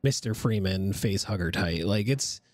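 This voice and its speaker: A man, an army veteran guest, telling lively stories in casual podcast chat. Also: low-pitched, no echo. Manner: lively storyteller, quick asides.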